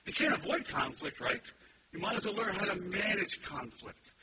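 Preacher, man, 50s: quick, chatty, sarcastic, higher voice, far from the mic over loud noise. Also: animated, gravelly. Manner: quick, conversational storytelling with sarcastic humor. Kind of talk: sermon.

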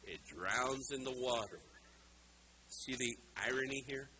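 A middle-aged man preaching a sermon with emphatic rhetorical questions, swinging between loud and soft. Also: mid-range voice, unhurried, slight background noise, poor audio. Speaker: pastor.

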